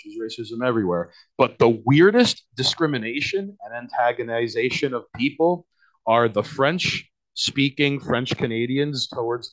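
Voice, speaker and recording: Picture a man with a New York accent, holding forth as a guest on a casual podcast. His voice sits in an ordinary middle pitch. He rambles through stacks of fillers and false starts, swearing freely as he goes. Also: fairly bright tone. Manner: rambling, many fillers and restarts, frequent swearing.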